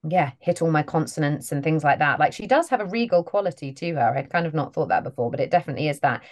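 A British woman with a notably low voice talks through an interview in a loose, chatty way. She is self-deprecating and quick to laugh. She speaks as a guest actress. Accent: British English. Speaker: voice and mocap actor guest. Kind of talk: casual interview chat.

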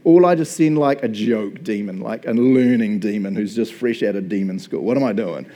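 A man's voice: lowish voice, brisk, mellow, pitched below the performer's own voice, close to an everyday voice. A man voicing a mocking, scheming male devil who taunts in swaggering slang.

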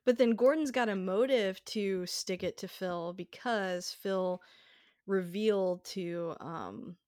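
A woman's voice: mid-range voice, takes it slowly, a little mellow, no echo, studio quality. A woman in casual chat, talking through a film's plot in a thoughtful, hedging way. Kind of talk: casual chat discussing a film.

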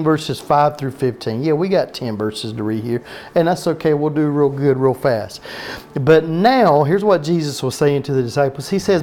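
A pastor with a Southern US accent preaches a sermon in a high, darkish voice. He draws out his words in a folksy manner and poses questions to his listeners.

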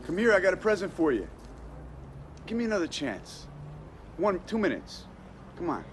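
A man's voice: sits high, wildly swooping pitch, moderate pace, a little hiss or hum. An actor playing an eager young man who pleads with a woman and tries to win her over with gifts, in film dialogue. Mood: coaxing. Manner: coaxing, pleading. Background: film score music.

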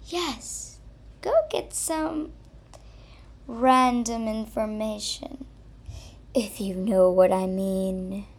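A woman's voice: mid-range voice, fairly even intonation, very slow, pauses often. A woman voicing Lice Comb, a timid female lice comb, an outsider who pleads and whines. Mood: sly. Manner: pleading, whiny.

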